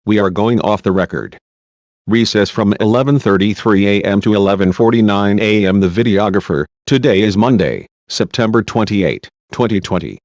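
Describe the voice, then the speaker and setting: A man reading a court transcript aloud in a plain, even way. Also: lowish voice, normal speed, no echo. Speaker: channel host reading a transcript. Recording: dull lo-fi dry recording.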